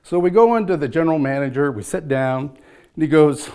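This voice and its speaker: A man's voice: a little high, lively intonation, fairly quick, mellow, smooth. A middle-aged man giving a rambling, chatty tribute to an old friend in a church, full of "uh" and "you know". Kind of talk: informal farewell tribute.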